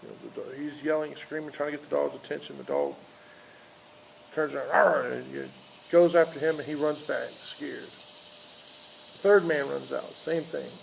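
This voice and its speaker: Male pastor, gravelly voice, halting unscripted sermon with lots of fillers, faint outdoor noise behind. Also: fairly high pitch, steady tone, rough recording. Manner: halting, many fillers and restarts. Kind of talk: informal outdoor sermon with storytelling. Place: outdoors in a park.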